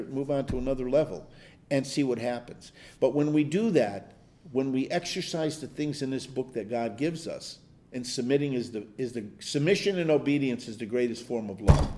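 An older man with a warm, mid-range voice runs a Bible study at a normal speed. His teaching is conversational, and his stories wander, full of chuckles and fresh starts.

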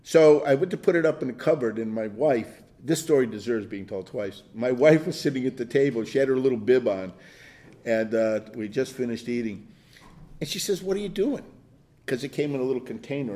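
An older man leads a conversational Bible study, telling stories in a rambling way, chuckling and restarting often. His voice is mid-range and a little mellow.

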